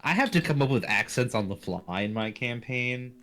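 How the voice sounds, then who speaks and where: A man's voice: mid-range voice, moderate pace. A man at the game table who talks loosely and animatedly. He laughs easily and curses without a second thought. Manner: animated, swears casually, laughs. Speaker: player. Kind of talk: casual chat.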